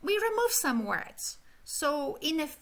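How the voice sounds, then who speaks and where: A middle-aged woman giving an animated academic keynote lecture, illustrating speech rhythm with sung syllables. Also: high voice, slow. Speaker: keynote speaker.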